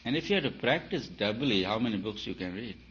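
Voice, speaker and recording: A man giving a spiritual talk, emphatic and repetitive, his voice swelling and dropping in loudness. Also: on the low side, lively intonation, fast talker. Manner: emphatic, repeats phrases, rises and falls in loudness. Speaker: spiritual teacher. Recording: dull lo-fi recording with faint hiss.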